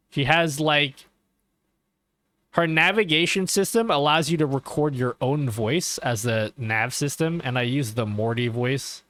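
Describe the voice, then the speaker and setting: A man's voice: fairly high pitch, fairly bright tone, no room sound. A man chatting casually on a live stream, rambling, swearing and often checking in with his viewers. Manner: rambling and profane, keeps asking okay. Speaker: livestreamer.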